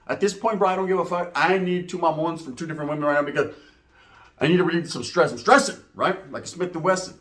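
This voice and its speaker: A man's voice: a little high, quick pace, a bit bright. A man telling a rambling, profane comic story, mixing in slang and acting out voices. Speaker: comedian.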